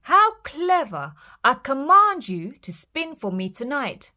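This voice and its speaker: A woman's voice: sits high, very animated, bright, forceful tone, voice pushed up, heavily acted. A woman voicing a greedy, demanding male king who drags out his words. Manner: slow, drawn-out and greedy.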